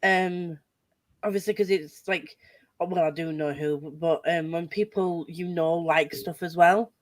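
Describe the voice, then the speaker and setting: A woman's voice: on the low side, unhurried, no echo. A woman hosting a casual group chat, telling stories with lots of laughter and swearing. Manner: laughing, swearing, animated storytelling. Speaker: host.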